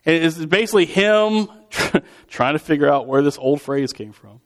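A man's voice: on the high side, expressive, normal speed. A man preaching in a conversational, storytelling way, acting out quotes with vivid voices. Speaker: pastor. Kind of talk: sermon.

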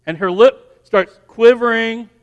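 Male pastor, high voice, rambling anecdote with restarts that builds to firm preaching, long hall reverb. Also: slow pace, highs cut off. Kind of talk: sermon with personal story.

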